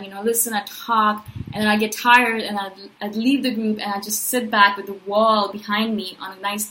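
A woman vlogger telling a personal story in a chatty, rambling way, reeling off quick lists and tagging "right?" and "you know" onto her sentences. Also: medium pitch, bright, forceful tone, slight background noise, low-quality recording. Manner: lists things in quick runs of questions; says "I'm like" and "I was like" before recounted thoughts. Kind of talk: casual storytelling monologue.

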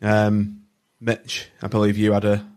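A man hosting a casual chat, speaking in a measured, hesitant way. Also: on the low side, monotone, a little mellow. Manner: measured, hesitant, lots of fillers.

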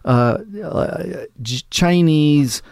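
Man, gravelly voice, dry room sound, animated storytelling, interview guest. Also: a little high, drawn-out words, no room sound. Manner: animated anecdote telling, acts out quotes. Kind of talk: conversational storytelling.

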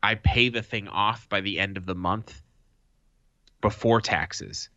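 Low punchy dude on a podcast, swears a ton, dry close mic, kinda muffled. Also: male voice, slow, no room sound. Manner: animated, profane storytelling. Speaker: podcast co-host. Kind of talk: casual chat. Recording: dull lo-fi sound.

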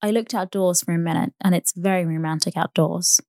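A woman's voice: lowish voice, steady tone, fairly quick, gravelly, mellow, no echo, clean studio sound. A woman voicing a charming, restless young socialite who speaks in a breathless, sing-song way.

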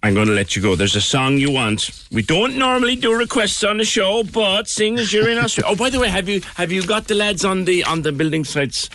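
A man with a Cork accent hosts a radio chat, jokey and teasing. His pitch is lively and moves all over. He talks casually from a radio studio. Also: fairly quick, few pauses, a little hiss or hum. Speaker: radio host.

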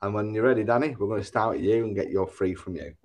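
A man co-hosting a casual podcast on an online group call. He explains the rules with jokey, dark exaggerations. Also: fairly low pitch, fast talker. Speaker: podcast co-host. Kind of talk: casual chat, explaining a game.

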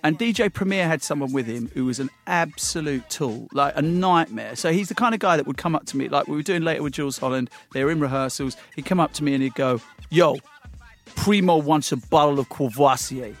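Animated man telling stories. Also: fairly high pitch, fast talker, few pauses, faint music behind. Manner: lively anecdotes, acts out other people's voices. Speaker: podcast guest, former music publicist. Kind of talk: casual storytelling chat.

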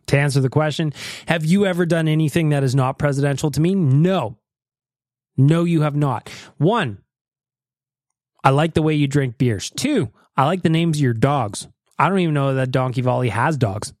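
A Canadian man hosting a podcast, playful and quick to laugh, reading out voicemails. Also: mid-range voice, a little mellow, no echo, clean studio sound. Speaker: podcast host. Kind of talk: casual podcast chat.

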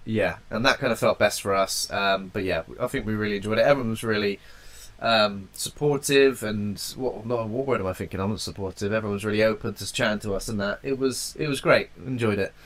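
A man's voice: on the low side, brisk, fairly bright tone. Chatty English man with a cold. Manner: chatty, jokey, loose with wording. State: has a cold. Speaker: podcast co-host. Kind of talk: casual podcast chat.

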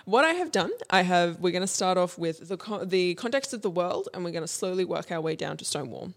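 Hesitant young woman, gravelly low voice. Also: expressive, fairly quick. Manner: hesitant, many ums and restarts. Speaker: podcast co-host presenting history. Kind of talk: casual history podcast chat.

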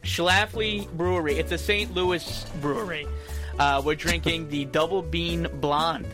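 Podcast co-host, male, inquisitive, slightly high voice, faint music behind. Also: steady tone, unhurried. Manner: curious, asks questions, reads descriptions. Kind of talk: casual chat.

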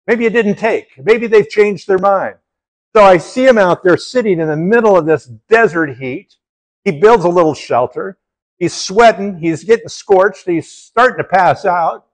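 A man gives a Bible teaching in an animated sermon style, retelling the story with feeling. His voice sits a little high for a man, and he swings it up and down as he acts out each speaker. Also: poor audio. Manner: animated storytelling, voicing the prophet and God in quotes.

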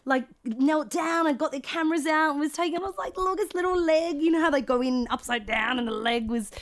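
A woman with an Australian accent, a guest comedian telling stories in a chatty, halting way. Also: sits high. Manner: chatty, halting, laughing storyteller. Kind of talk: casual podcast chat.

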